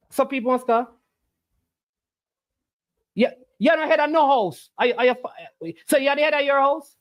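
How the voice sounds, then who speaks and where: Livestream host, argues and lectures the chat, swooping animated pitch. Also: a little slow, pauses often. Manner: argumentative, preachy, rhetorical questions. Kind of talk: casual argumentative livestream talk.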